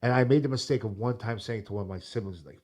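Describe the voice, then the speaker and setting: A man in candid podcast conversation, earnest and reflective, going quiet when the subject turns heavy. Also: lowish voice, quick pace.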